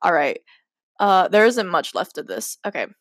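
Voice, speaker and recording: A woman's voice: lowish voice, very animated, normal speed, no echo, studio quality. A young woman hosting a casual podcast, reading her old writing aloud and mocking it with lots of laughter and "like". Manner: giggly, self-mocking, says "like" a lot. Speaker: podcast host.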